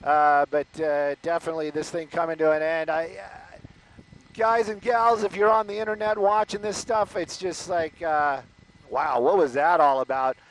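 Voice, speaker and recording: A man from the Los Angeles area, a news anchor giving chatty live commentary on a police chase, exclaiming and filling pauses with "uh". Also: a little high, poor audio. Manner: chatty, exclaiming, lots of fillers.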